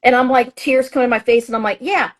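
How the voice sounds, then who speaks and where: A woman's voice: fairly high pitch, level tone, fast talker. A woman astrologer and author being interviewed, talking in a chatty, emphatic way with plenty of fillers and restarts. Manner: acts out her own past thoughts in a raised voice. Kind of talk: casual interview talk.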